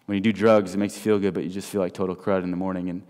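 A man preaching an evangelistic sermon, telling stories and swinging between loud and soft. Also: low-pitched, flat delivery, rapid-fire, clear, resonant tone. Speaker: guest speaker. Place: large church hall. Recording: long hall reverb.

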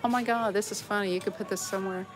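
A woman's voice: mid-range voice, fairly even intonation, fast talker. A woman with a Southern accent, chatting and laughing with her viewers as she browses a store in a casual vlog. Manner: chatty, giggly, talks to viewers while browsing. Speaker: vlogger. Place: inside a large discount store.

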